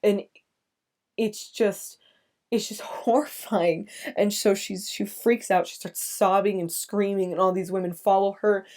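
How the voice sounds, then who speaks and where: Halting, emotional woman with a mellow voice. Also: medium pitch, little pitch movement. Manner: emotional, halting, many restarts and nervous laughs. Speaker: podcast host. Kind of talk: casual film review chat.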